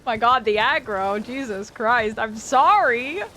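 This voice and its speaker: High-voiced woman streamer, slow and blunt. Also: pushed and bright, slight background noise. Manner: blunt, swears freely, laughs often, talks to chat. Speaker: game streamer. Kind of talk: casual live-stream chat while gaming.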